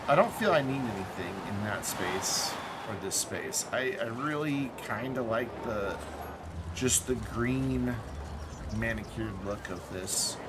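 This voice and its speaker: A man streaming a city-building game, thinking aloud in relaxed commentary with small asides. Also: medium pitch, noisy background.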